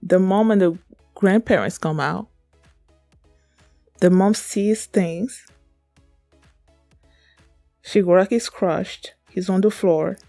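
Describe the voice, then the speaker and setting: A woman's voice: on the low side, slow, gravelly, pauses often, warm tone, no echo, faint music behind. A woman hosting a reaction video, telling a personal story in an earnest, emotional, rambling way with many fillers. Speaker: reaction channel host.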